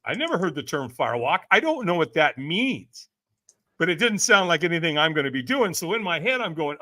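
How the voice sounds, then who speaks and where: A man's voice: on the high side, animated, a little fast, bright, forceful tone. An older man, a guest in an interview, telling a story with a lot of energy, acting out the voices in it and laughing often. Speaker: podcast guest, personal development speaker.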